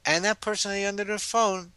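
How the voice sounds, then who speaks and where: A man, giving advice as a guest in a casual interview and telling stories with lively energy. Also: high-pitched, quick pace, clear, resonant tone, dry recording. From New York. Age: 70s. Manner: animated storyteller. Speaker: guest author.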